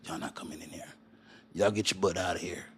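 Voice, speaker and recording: A man doing a gruff, scolding gatekeeper voice with a put-on Texan twang, low and dismissive. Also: steady tone, brisk, fairly bright tone, exaggerated voice.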